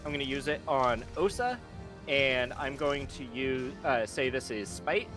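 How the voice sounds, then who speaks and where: A man at a tabletop game, talking through his character's moves in a relaxed, rules-minded way. His voice is of middling pitch for a man. Music plays clearly behind him. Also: measured pace. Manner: laid-back, explains rules at length. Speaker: player.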